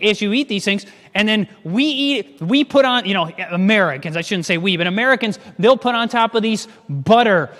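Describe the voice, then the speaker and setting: A man with a high voice leads a live cooking class, lively and full of questions for his listeners. His voice rings out with a long reverb, as if he were in a church hall. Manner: lively, asks the audience questions.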